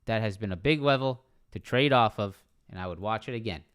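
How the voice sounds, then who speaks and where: A man's voice: fairly low pitch, brisk, a bit bright, clean tone. A young man streaming live market analysis, talking casually, repeating price levels and asking "right?" often. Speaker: stock trading live streamer. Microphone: streaming microphone.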